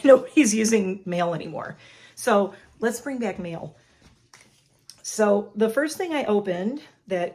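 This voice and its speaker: A woman's voice: mid-range voice, a little mellow. A middle-aged woman vlogging in her kitchen to a phone camera, chatty and sentimental and laughing often. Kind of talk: casual chat to camera. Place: home kitchen.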